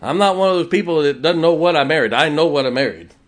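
A pastor preaches a sermon through animated storytelling, acting out the voices of the people in his stories. His voice is fairly high and he talks fast.

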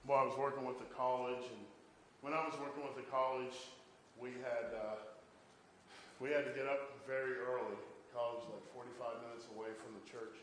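A man's voice: mid-range voice, a bit bright, reverberant, slight background noise, low-quality recording. A man preaching a sermon, telling stories and often repeating "boy" and "can I tell you this". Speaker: pastor.

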